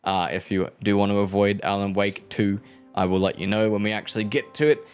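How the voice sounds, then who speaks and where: A man's voice: on the low side, steady tone, a little fast, clear, resonant tone, faint music behind. A young man live streaming, rambling, joking and swearing freely as he talks to his chat. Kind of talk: casual stream chat with viewers.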